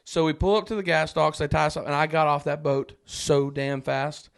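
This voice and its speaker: A man's voice: on the high side, moderate pace, gravelly, smooth. A man guesting on a podcast, telling a story in casual chat, acting out what people said and laughing often. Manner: animated, acts out quoted voices, frequent laughs.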